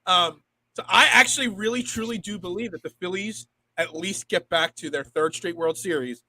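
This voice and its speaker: A man's voice: high-pitched, normal speed, pushed and bright, no room sound, poor audio. A man co-hosting a sports podcast, rambling in casual chat and often repeating words as he thinks. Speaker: podcast co-host.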